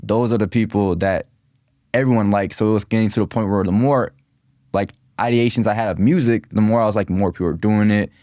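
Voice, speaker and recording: A young man from Minneapolis, a rapper guest on a podcast, talking in a relaxed, rambling way full of "like" and slang. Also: on the low side, fairly quick, no echo, clean studio sound. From Minneapolis, USA. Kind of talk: casual podcast interview.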